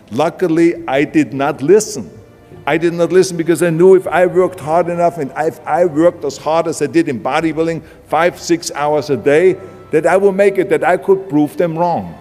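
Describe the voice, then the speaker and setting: A man's voice: a little high, moderate pace, darkish tone. A man with an Austrian accent giving a blunt, punchy motivational speech. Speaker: motivational speaker. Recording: long hall reverb with music beneath. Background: background music.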